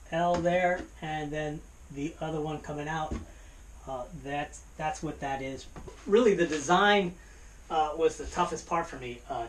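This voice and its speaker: Halting DIY man, slightly high voice. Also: slight background noise. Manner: hesitant, many "uh" fillers and restarts. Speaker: DIY boat builder. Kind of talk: casual workshop walkthrough.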